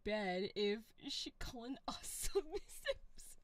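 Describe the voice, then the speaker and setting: A woman live-streaming with a stuffy nose, playfully and giggly chatting with her viewers. Her high voice leaps all over the place, and she takes her time with her words. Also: very animated, slow pace, noisy background. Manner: playful and giggly, reads chat aloud, mock-defensive. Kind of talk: casual live stream chat.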